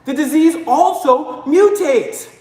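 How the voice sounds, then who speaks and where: A woman co-hosting a live stream, delivering a fiery political rant with frequent shouting. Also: sits high, expressive, slow. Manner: fiery, ranting, often shouting. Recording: echoey room with long reverb.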